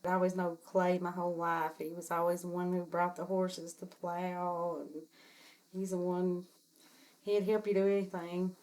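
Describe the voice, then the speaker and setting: A woman's voice: on the low side, level tone, normal speed, a little mellow. Middle-aged woman with a Southern twang. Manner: nostalgic, rambling storytelling. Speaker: interviewee, the filmmaker's mother. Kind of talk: casual reminiscing.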